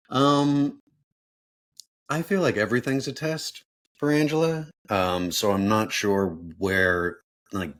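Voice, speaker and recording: A man's voice: fairly low pitch, unhurried, fairly bright tone. A man chatting as a podcast guest, rambling and hesitant, with frequent ums and uhs. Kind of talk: casual chat.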